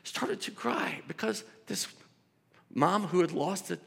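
Speaking slowly in a high-pitched, creaky, husky voice, this pastor delivers a church sermon in a relaxed, conversational style with restarts and asides. A large hall's long echo surrounds the recording.

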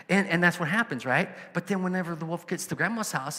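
A man's voice: high voice, fast talker, few pauses, pushed and bright, long reverb tail. A man preaching a sermon as a pastor, conversational and storytelling, with emphatic asides.

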